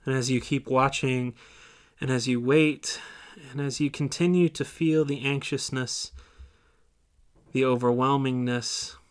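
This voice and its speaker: A man at a church, slowly guiding listeners through a scripture meditation in the second person. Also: medium pitch, steady tone, clean tone. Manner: slow, soft, second-person guiding with lingering pauses. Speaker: church speaker leading a meditation.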